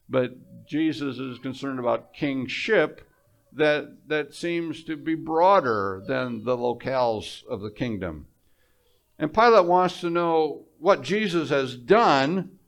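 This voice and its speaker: A male preacher delivers a sermon, telling the story with animation, repeating words and dropping quiet for emphasis. His voice is mid-range, slow and creaky.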